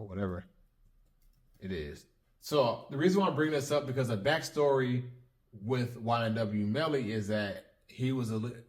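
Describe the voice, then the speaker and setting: A man hosting a lyric breakdown channel, talking in a casual, methodical way and explaining step by step with frequent restarts. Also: medium pitch.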